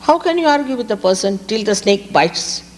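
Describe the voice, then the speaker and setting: A woman's voice: mid-range voice, expressive, moderate pace, in a large hall. Emphatic woman giving a spiritual talk. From India. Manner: emphatic, repeats key words. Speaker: spiritual teacher. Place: outdoor park gathering.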